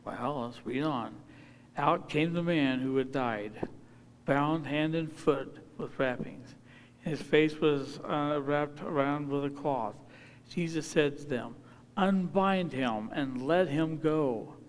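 Guy preaching a sermon, kinda high voice, big hall echo, reads verses then gets loud and punchy. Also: takes it slowly. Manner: reads scripture aloud and builds to emphatic calls. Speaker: pastor. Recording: long hall reverb.

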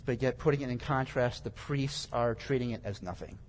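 A man's voice: medium pitch, brisk, a little hiss or hum. A man giving a conversational Bible teaching, explaining scripture verse by verse in plain everyday words. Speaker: preacher. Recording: long reverb, echoey hall.

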